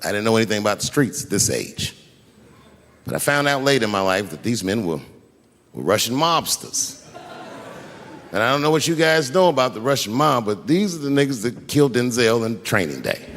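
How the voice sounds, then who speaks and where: A man doing stand-up comedy, telling a story in an animated, profane way. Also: medium pitch, fairly quick, in a large hall, a little hiss or hum.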